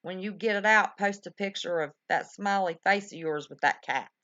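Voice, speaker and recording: A woman's voice: medium pitch, normal speed, sharp tone, no room sound. A woman hosting a live-stream show, chatting in a folksy, affectionate way with callers and viewers. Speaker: livestream show host. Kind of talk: casual live-stream chat. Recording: dull lo-fi stream audio.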